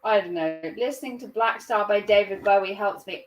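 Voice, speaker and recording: A woman's voice: mid-range voice, steady tone, moderate pace, hardly any pauses, distant mic. A woman in her thirties with a Norfolk accent, a livestream host chatting casually with viewers in a giggly, self-mocking way. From Norfolk, England. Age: 30s. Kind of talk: casual chat reading viewer comments.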